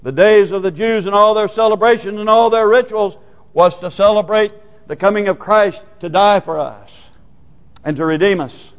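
Male pastor, sermon delivery, swings from soft to forceful, long church reverb. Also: sits high, normal speed. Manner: swings from hushed to loud emphatic preaching. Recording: lo-fi sermon recording in a reverberant hall.

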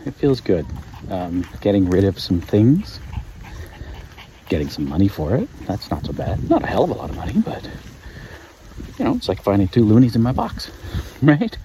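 Very low-voiced man rambling on a walk. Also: very animated, moderate pace, pauses often, mellow. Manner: chatty, laughs often, many fillers. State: out of breath while walking. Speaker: podcast host. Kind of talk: casual rambling monologue. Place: outdoors walking a dog. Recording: outdoor field recording with noise. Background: dog and outdoor ambience.

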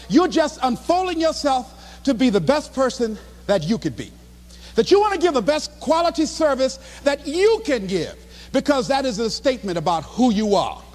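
Emphatic high-voiced man preaching self-motivation. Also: a little mellow, in a large hall. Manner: emphatic, repetitive, exhorting the audience. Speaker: motivational speaker. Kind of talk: live motivational speech.

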